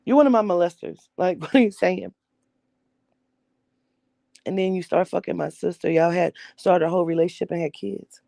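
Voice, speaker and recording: A woman's voice: fairly low pitch, normal speed, vocal fry, pauses often, mellow, dry recording. A young adult woman candidly telling her own life story in blunt, profane everyday speech, acting out the voices of the people she quotes.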